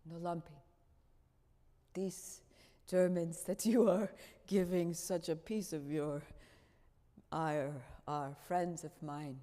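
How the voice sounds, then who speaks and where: A woman playing a grave, gentle older man who speaks slowly and patiently to a friend, with the long reverb of a church hall. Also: on the low side, fairly even intonation, voice pushed down. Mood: gentle, earnest. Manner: slow, patient, quietly insistent.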